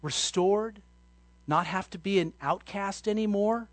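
A man preaching a sermon, telling Bible stories and acting out scenes with sudden shouts. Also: high-pitched, unhurried, no room sound. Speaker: pastor.

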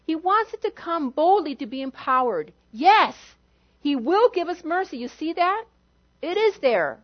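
A woman pastor preaching a sermon in an animated way, acting out quotes with sudden shifts in volume. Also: high voice, measured pace, muffled recording.

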